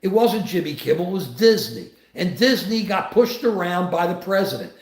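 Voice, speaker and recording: Impassioned older man, high voice, roomy echo. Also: expressive, moderate pace. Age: 70s. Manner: impassioned, rambling with restarts. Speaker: host. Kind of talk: political commentary on a live show.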